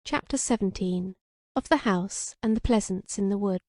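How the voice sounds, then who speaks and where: Narrating an old romance novel, a woman with a warm, mellow, medium-pitched voice keeps a steady, even and unhurried rhythm. The sound is dry and close, with no echo.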